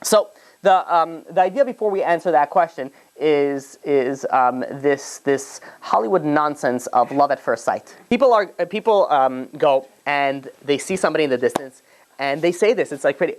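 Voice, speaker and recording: Animated joking rabbi teaching a class. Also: male voice, on the high side, normal speed, a little hiss or hum. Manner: animated and jokey, many fillers and restarts. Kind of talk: conversational lecture to a live group.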